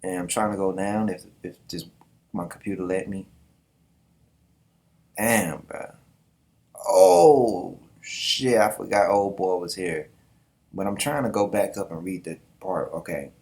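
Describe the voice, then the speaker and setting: Man, manga reaction host, slangy, laughing asides, lowish voice. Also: measured pace, gravelly, long pauses, darkish tone.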